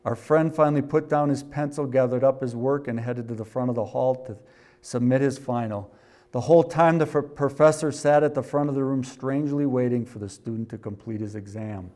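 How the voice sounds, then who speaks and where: A middle-aged man preaching a sermon. He reads a story aloud, rises in volume for scripture, and drops low for asides. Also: normal speed. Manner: varies loudness a lot, rising for scripture and dropping for asides. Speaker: pastor.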